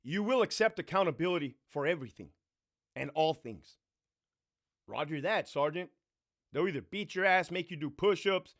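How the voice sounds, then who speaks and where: Profane guy from california ranting a story, jumps from loud bursts to low mutters, voice a bit high. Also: expressive, a little fast. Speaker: vlogger telling a story. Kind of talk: casual storytime rant.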